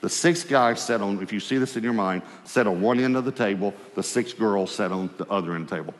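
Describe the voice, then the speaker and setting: In a reverberant hall, a fast-talking man preaches a sermon built on storytelling. He's animated, acting out the dialogue and dropping his voice low and quiet whenever God speaks.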